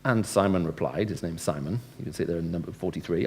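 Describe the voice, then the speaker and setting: A man's deep, gravelly, slightly mellow voice moves at a quick, animated pace. He is a Christian speaker giving a lecture-style evangelistic talk to a live audience, keeping it conversational with questions for listeners and acted-out dialogue in shifting tones.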